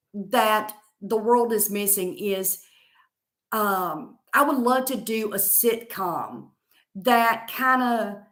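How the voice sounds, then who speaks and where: Chatty Southern woman, slow and roomy. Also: medium pitch. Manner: chatty, rambling, confident. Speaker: stand-up comedian. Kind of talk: casual chat answering viewer comments.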